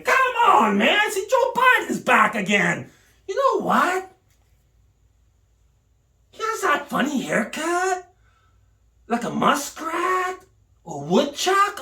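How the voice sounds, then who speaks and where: Woman doing an over the top comic rant, high bright voice, slow and bouncy, sounds far from the mic. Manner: exaggerated, mock-indignant ranting. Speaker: comedic commentator. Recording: echoey room, mic at a distance.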